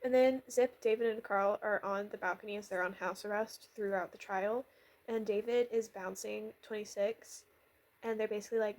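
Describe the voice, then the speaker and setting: A chatty woman rambling through a recap in a loose, sarcastic way. She is full of fillers and asides, and slips into quoted lines without changing her voice. Her pitch sits in an ordinary middle range. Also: fairly even intonation, brisk, a little mellow. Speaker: vlogger recapping a miniseries.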